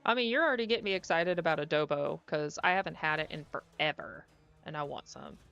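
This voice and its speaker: Chatty low-voiced woman streamer. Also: quick pace, vocal fry, smooth. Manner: chatty, easily excited, musing aloud. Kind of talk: casual stream chat while playing. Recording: dull lo-fi audio with faint music.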